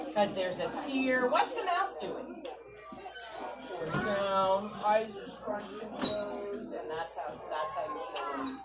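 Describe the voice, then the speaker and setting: Heard from a distant mic over loud music, a woman with a mid-range voice reads slowly, pausing often. She's an author hosting storytime for children in an ice cream shop, animated and coaxing as she keeps posing questions. The shop room echoes, with clear chatter around her.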